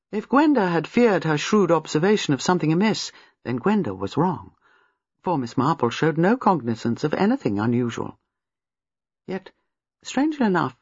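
A narrator reading a mystery novel aloud with a lively, varied pitch and a husky, breathy tone. The recording is dry and slightly dull. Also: dry recording. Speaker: audiobook narrator. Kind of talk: scripted narration.

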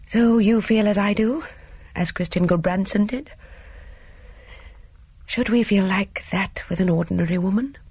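A woman voicing a grave, cautious middle-aged man in an audiobook, speaking in a measured, grim way. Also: medium pitch, darkish tone, slightly rough, dry recording, pitched above the performer's own voice. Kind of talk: audiobook character voice.

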